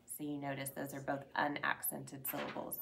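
A woman teacher with a low voice and a gravelly edge, presenting a school announcement segment. She explains sounds step by step in an upbeat way, stretching out each sound so the listener can hear it. A faint hiss sits under the voice. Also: monotone, normal speed. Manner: upbeat, drawing out letter sounds to demonstrate them.

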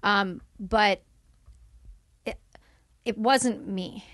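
A woman's voice: mid-range voice, extremely slow, fairly bright tone, dry recording, clean studio sound. A woman in her thirties from Canada, a podcast guest telling her story in candid, emphatic conversation. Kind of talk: casual conversation.

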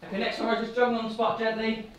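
A woman's voice: fairly high pitch, completely flat delivery, recorded from a distance. A woman coaching a family workout at home, upbeat and playful as she counts people in. She sounds a little off-mic in a very echoey living room, with faint noise underneath. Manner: upbeat, playful, gives quick cues. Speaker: fitness instructor.

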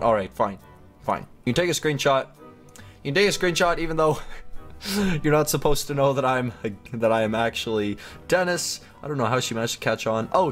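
A man giving chatty gameplay commentary as a gaming YouTuber, talking to himself and giggling often. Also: medium pitch.

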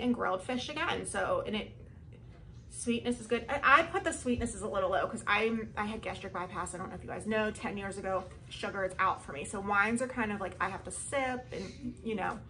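A woman vlogging a casual product review at home, chatty and excitable as she gushes over each item. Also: fairly high pitch, a little hiss or hum, low-quality recording.

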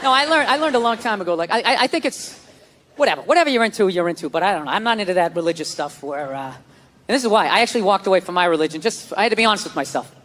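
A man's voice: high voice, animated, very fast. A man doing a stand-up comedy set, ranting in a profane, exasperated way with mocking asides. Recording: live club set with loud crowd noise. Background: audience laughter.

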